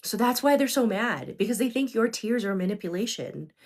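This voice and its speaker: A woman's voice: on the high side, animated, brisk. A middle-aged woman hosting a livestream, talking earnestly and directly to her viewers and often checking in with them. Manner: earnest, addresses viewers directly with frequent "okay?". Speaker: livestream host. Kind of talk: unscripted livestream talk to viewers.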